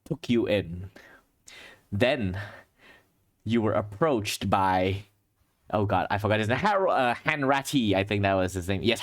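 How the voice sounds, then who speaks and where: A man running a tabletop game as game master, narrating scenes in descriptive storytelling with pauses and restarts. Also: lowish voice.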